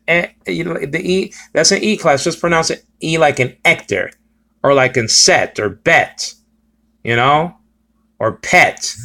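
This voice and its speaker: Man, slightly higher voice, informal teaching talk, halting, repetitive, keeps checking in. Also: sharp tone. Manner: repetitive, checks in with "okay?" and "you understand?"; halting, many restarts and fillers. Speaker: Bible teacher.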